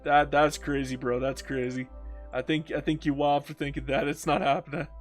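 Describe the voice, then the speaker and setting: A man with a fairly high voice streams a strategy game live. He chats casually, jokes with his viewers and reads their comments aloud. Faint music plays underneath. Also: little pitch movement, moderate pace. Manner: joking, talks to himself and reads chat aloud.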